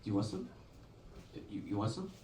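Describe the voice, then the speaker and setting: A man voicing a hushed, insistent stranger in a stand-up bit, low and coaxing, in an echoey club full of people. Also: big pitch swings, normal speed, slight background noise. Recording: echoey club from far off with crowd.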